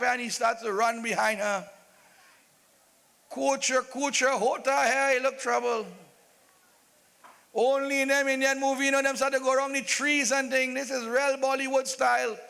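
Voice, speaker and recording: A man's voice: very high-pitched, gravelly, pushed and bright, clean tone, big-room sound. A man narrating a live staged epic with humorous asides to the devotees. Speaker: Ramleela narrator.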